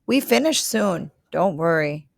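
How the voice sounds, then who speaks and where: A storybook reader doing a sunny, polite mother who speaks only a little English, her short broken phrases pitched up and bright. The sound is dry and close. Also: animated, measured pace, gravelly, no echo, heavily acted. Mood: friendly. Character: friendly immigrant mother, cheerful, little English.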